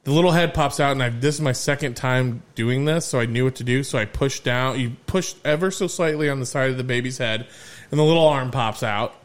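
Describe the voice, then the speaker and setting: A man hosting a podcast, telling stories in a lively, casual way and swearing freely. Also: medium pitch, a little fast. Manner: animated storyteller, swears freely. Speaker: podcast host.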